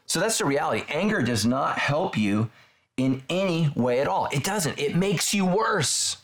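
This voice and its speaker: A middle-aged male pastor preaching a sermon in a conversational, animated way, full of rhetorical questions. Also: on the high side, normal speed.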